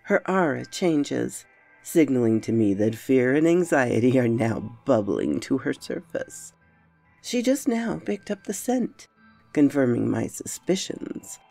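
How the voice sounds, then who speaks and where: Gravelly woman narrating horror. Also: extremely low pitch, big pitch swings, measured pace, dark tone, faint music behind. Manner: dramatic, brooding first-person telling. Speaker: storyteller.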